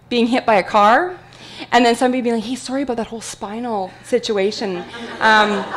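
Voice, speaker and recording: A woman giving a talk, telling a personal story in a chatty, animated way with many fillers. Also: mid-range voice. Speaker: guest speaker at an art talk.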